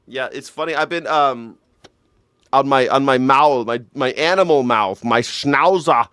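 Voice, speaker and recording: Speaking into a desk mic, this middle-aged man runs a live news reaction stream, rambling jokily, laughing often and breaking into shouted mock voices. The sound is smooth, studio quality and echo-free, with a mid-range voice at normal speed.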